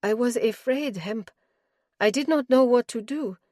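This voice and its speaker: A woman's voice: fairly low pitch, lively intonation, takes it slowly, dry recording, studio quality. A woman voicing a distraught young woman accused of murder, pleading in a raised, breathless way.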